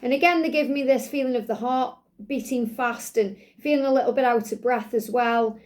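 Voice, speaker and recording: Host, woman, high pitch, soothing and earnest spiritual card reader talking straight to camera audience. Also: fairly quick, darkish tone. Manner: soothing, earnest, speaks for the listener in quotes. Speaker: tarot reader and channel host. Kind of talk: spiritual card reading monologue.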